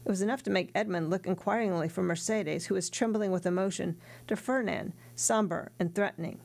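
A woman narrating a classic novel aloud in a steady, earnest reading voice. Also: medium pitch, a little fast, gravelly. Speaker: audiobook narrator.

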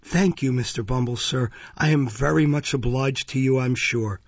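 A sly, fawning matron of a baby farm, as a man puts her on in a storybook reading, ingratiating and servile in a slightly raised, husky voice. The recording is dry and dull. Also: medium pitch, normal speed, dry recording. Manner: ingratiating and servile, sharp with the children.

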